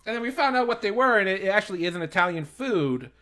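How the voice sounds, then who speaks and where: A man's voice: high voice, quick pace. An American man hosting a casual chat, telling stories with swearing and frequent laughter. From United States. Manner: animated, swearing, laughing storyteller. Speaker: podcast host.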